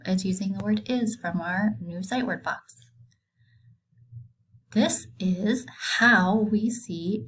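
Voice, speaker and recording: Kindergarten teacher, female, husky-breathy tone, gently quizzes and praises young kids through a sight-word lesson. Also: mid-range voice, poor audio. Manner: patient, encouraging, asks simple questions and praises. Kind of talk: recorded reading lesson for young children.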